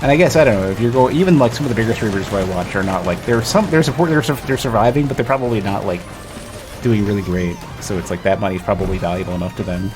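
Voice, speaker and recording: Streamer, male, lowish voice, loose rambling chat over faint game music. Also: fast. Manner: rambling, self-interrupting, lots of restarts. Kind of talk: casual gaming stream chat.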